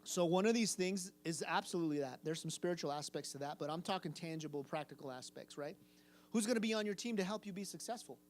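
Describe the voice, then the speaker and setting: A man's voice: a little high, fast, slight background noise. A man giving a casual youth group sermon to a live audience in a room. He quizzes the listeners and repeats phrases for emphasis. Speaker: youth pastor.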